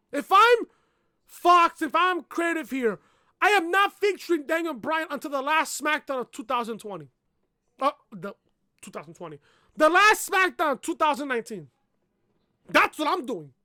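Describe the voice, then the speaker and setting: Blunt high-voiced woman ranting, dry sound. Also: fairly bright tone, no echo. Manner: blunt, profane, repeats lines, barks "woof". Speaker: wrestling show reviewer. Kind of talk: profane ranting review vlog. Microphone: laptop webcam.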